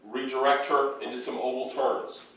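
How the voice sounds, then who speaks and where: A man's voice: medium pitch, flat delivery, moderate pace, fairly bright tone. A man giving a hands-on dog training lesson indoors, explaining in loose spoken bursts with demonstrations mixed in. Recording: echoey room, picked up from a distance, faint background noise.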